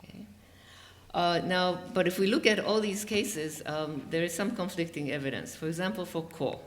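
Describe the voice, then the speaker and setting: This is a conference presenter at a university workshop, delivering a measured academic talk at a mid-range pitch. The speaker spells out examples one by one and leans on frequent um and uh fillers while working through each point. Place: university lecture room.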